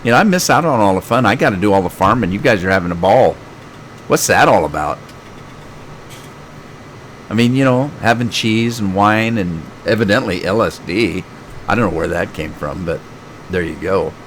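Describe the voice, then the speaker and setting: A middle-aged man talks in a lowish voice while streaming a farming game. He chats and jokes easily as he reads the chat aloud. A faint hum sits under the recording. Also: expressive, moderate pace. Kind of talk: casual game live stream.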